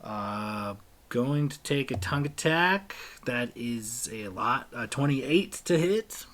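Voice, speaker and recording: Slow, halting male game master. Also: mid-range voice, lively intonation, fairly bright tone. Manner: halting, many fillers. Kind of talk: narrating a tabletop game.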